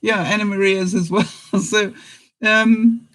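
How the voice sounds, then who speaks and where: A woman's voice: medium pitch, fairly even intonation, measured pace, rough recording. An older woman hosting a casual live-stream chat, talking straight to her viewers and laughing often. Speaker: vlogger host.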